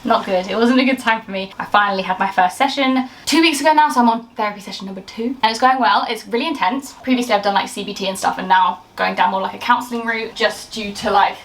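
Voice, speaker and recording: A woman's voice: medium pitch, fast, hardly any pauses, fairly bright tone, rough recording. A young woman in her twenties chatting in a rambling, self-interrupting way while baking in her home kitchen. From England. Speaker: lifestyle YouTuber. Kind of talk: casual baking vlog chat. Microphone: camera on the side.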